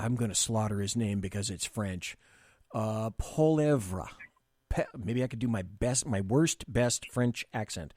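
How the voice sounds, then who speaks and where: A man's voice: mid-range voice, darkish tone, dry recording, clean studio sound. A man hosting a live political talk show, blunt and rambling, with frequent restarts.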